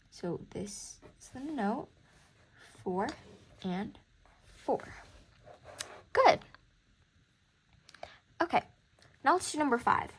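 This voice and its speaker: A woman's voice: medium pitch, slightly rough. A young woman tutoring music theory in a casual walkthrough, counting beats aloud and encouraging the student. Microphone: camera mic at a desk.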